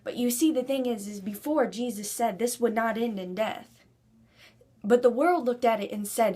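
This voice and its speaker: A woman's voice: a little high, lively intonation, normal speed, darkish tone, breathy edge. A woman giving an earnest devotional talk to camera, building to emphatic preaching. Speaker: Christian speaker.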